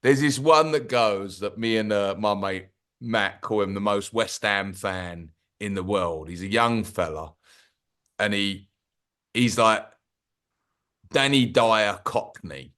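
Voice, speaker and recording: A man's voice: on the low side, slow, fairly bright tone, clear, resonant tone. Man telling chatty fan stories. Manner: chatty storyteller, laughs at his own anecdotes. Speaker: podcast co-host. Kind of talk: casual chat.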